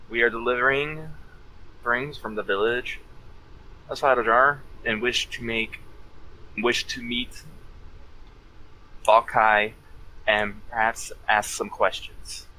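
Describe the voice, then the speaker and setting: A man voicing a polite young male mage envoy, speaking slowly and carefully so a foreigner can follow. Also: mid-range voice, fairly even intonation, sharp tone, a little hiss or hum, poor audio. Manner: slow, careful speech for a foreigner.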